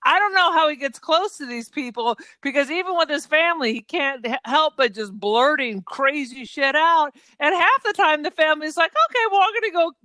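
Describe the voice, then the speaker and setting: A woman's voice: high voice, moderate pace, hardly any pauses, pushed and bright, no echo. A woman co-hosting a podcast, chatting casually about a film and arguing her points. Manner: chatty, argues points, laughs easily. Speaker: podcast co-host.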